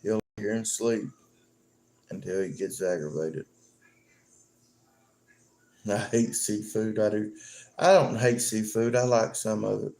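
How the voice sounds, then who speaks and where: A man's voice: fairly low pitch, fairly even intonation, a little slow, creaky, long pauses, a little mellow. A man chatting casually and joking on a live stream, rambling and chuckling often.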